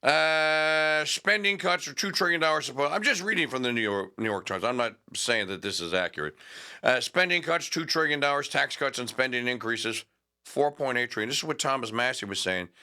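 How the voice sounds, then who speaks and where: A man hosts a talk show, reading news aloud in an opinionated talk radio monologue with sarcastic, rambling asides. He stalls with fillers while hunting for names. His mid-range voice is sharp, with lively intonation and a moderate pace.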